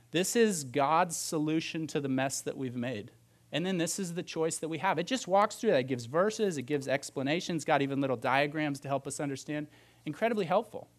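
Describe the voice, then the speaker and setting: A man preaching a sermon in church, talking in a conversational, practical way with frequent restarts. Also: a little high. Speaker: pastor.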